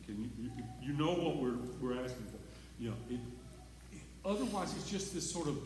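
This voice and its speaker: A man's voice: on the high side, animated, moderate pace, darkish tone, a little hiss or hum. A man leading a choir rehearsal, coaching singers and demonstrating phrases by singing them in a chatty, encouraging way. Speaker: choir director. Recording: echoey hall from far off.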